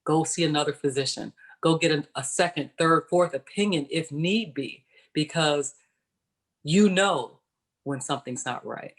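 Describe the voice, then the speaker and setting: Low-voiced woman telling her story. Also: a little slow. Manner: conversational, explains and checks in with "right?". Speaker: panelist, former professional basketball player. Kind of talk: personal story on a virtual panel. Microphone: video call.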